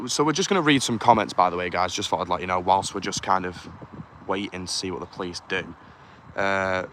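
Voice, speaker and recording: A man livestreaming from an outdoor car park at night on a handheld phone, chatting quietly and reading out chat comments. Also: low-pitched, brisk. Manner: chatty, quietly conspiratorial, reads comments aloud. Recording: clear outdoor urban noise.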